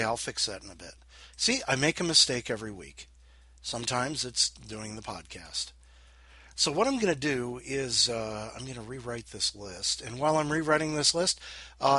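Lively, bright-voiced rambling male podcaster. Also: medium pitch. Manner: rambling, self-deprecating, mutters asides to himself. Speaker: podcast host. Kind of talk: casual solo podcast chat.

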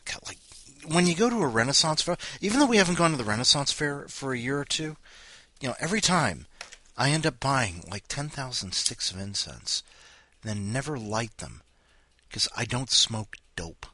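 A man's voice: mid-range voice, very animated, moderate pace, pushed and bright. A man hosting a podcast, rambling and joking in casual chat. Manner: rambling, jokey. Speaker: podcast host.

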